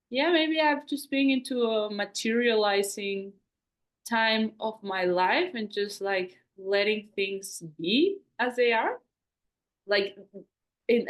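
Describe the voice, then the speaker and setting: A woman co-hosting a podcast, talking in a reflective, rambling way with many fillers. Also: medium pitch. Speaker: podcast co-host. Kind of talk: casual conversational podcast chat.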